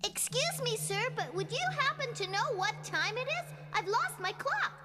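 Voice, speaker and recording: A woman voicing a small, anxious cartoon creature who politely asks around for her lost clock, in a 1990s animated film dub. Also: extremely high pitch, normal speed, loud music behind the voice. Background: loud film score.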